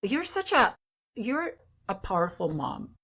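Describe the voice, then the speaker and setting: A woman's voice: medium pitch, sing-song, unhurried, slightly rough. A woman hosting an interview, affirming her guest often and asking questions. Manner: warm affirming, many backchannels. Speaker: interview host. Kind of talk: interview conversation.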